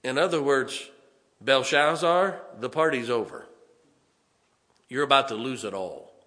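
A man preaching a sermon, animated and conversational, with dramatic emphasis and asides. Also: medium pitch, unhurried, long reverb tail.

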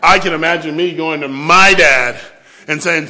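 A man's voice: on the high side, fairly even intonation, normal speed, bright, forceful tone. A man preaching a sermon in church, telling humorous stories and acting out family scenes. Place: church with a responding congregation.

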